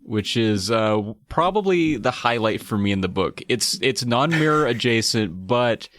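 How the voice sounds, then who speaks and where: A man's voice: mid-range voice, expressive, measured pace, fairly bright tone, dry recording, clean studio sound. A man hosting a podcast, chatting casually and reading book passages aloud with enthusiastic comments. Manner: enthusiastic, swearing, reads passages.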